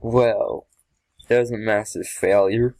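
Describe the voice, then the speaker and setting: A man's voice: lowish voice, steady tone, takes it slowly, a little mellow, no echo. A man casually commenting on his own gameplay, talking to himself, easily startled and often laughing. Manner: jumpy, talks to himself, yelps and laughs. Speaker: gamer.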